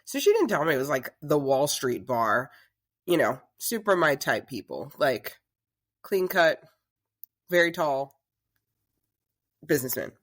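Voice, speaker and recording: Woman, talk show host type, guest spinning a lively story in a casual chat. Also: deep voice, unhurried, long pauses. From Southern United States. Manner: chatty, animated storyteller.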